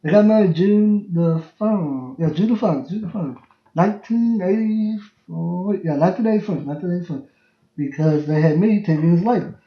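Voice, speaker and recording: A man's voice: high voice, normal speed. A man, hosting a podcast on a livestream and telling family stories in a rambling, laughing way that repeats itself. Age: 20s. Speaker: podcast host. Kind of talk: casual storytelling on a livestream. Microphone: phone livestream. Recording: roomy, dull lo-fi livestream sound.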